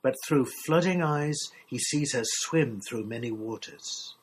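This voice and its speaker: A man reading a literary short story aloud in a measured, expressive storytelling manner. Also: medium pitch, breathy edge, low-quality recording. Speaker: story reader.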